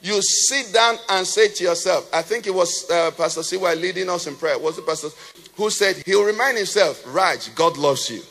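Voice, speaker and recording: Preacher guy, kinda high voice, long echo from the church hall, keeps asking the crowd to fill in the word. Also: moderate pace, vocal fry, fairly bright tone. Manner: asks the congregation questions and has them fill in the answer. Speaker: pastor. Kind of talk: sermon.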